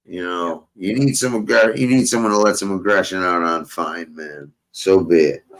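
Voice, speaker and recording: A man's voice: sits low, moderate pace, rough recording. A young man hosting a casual talk show, telling a rambling story full of profanity and street slang. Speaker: podcast host.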